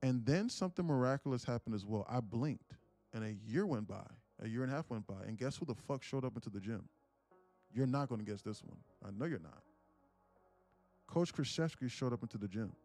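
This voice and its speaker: A young man tells a story in a loose, profane, animated way. His voice sits at a middle pitch. Soft music plays faintly behind him. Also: a little fast. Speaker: day-trading livestream host. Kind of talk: casual storytelling.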